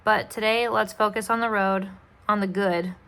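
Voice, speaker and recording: A calm, caring mother, read aloud by a woman with a bright, clear tone. She speaks gently and steadily, like a parent soothing a worried child during a storybook reading. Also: mid-range voice, moderate pace, close to an everyday voice. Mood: gentle.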